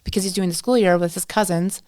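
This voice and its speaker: A woman's voice: fairly low pitch, steady tone, fast, a little mellow. A young woman from Canada telling a long story in casual chat, acting out both sides with lots of "like". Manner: chatty, acts out both sides of a story with filler "like". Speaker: podcast guest.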